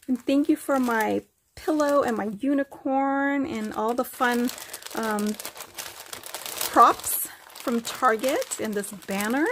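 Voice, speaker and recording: A woman's voice: fairly high pitch, takes it slowly, fairly bright tone, a little hiss or hum. A woman vlogger gushing over craft gifts in a casual show-and-tell, talking to her viewers at home. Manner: gushing, effusive, addresses viewers as you guys.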